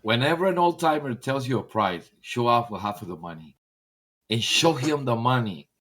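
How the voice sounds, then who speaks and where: Animated middle-aged man telling stories. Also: normal speed. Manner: animated storyteller who acts out old-timers in a high voice. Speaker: discord caller. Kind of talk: casual chat. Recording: voice chat over discord.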